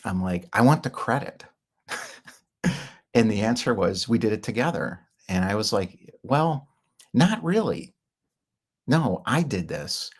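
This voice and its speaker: Middle-aged guy rambling through his founder story, gravelly and a bit husky, lowish voice. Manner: rambling and candid, with filler words and short laughs. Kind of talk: casual monologue.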